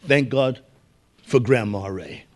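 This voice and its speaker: A man's voice: mid-range voice, slow. An older man from Brooklyn giving a keynote speech, telling folksy, anecdotal stories and chuckling along with the audience. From Brooklyn, New York. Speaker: keynote speaker. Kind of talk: storytelling speech.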